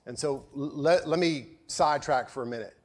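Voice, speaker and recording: Storytelling pastor preaching a sermon. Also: male voice, fairly high pitch, a little fast. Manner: storytelling, sarcastic, swings from loud to hushed.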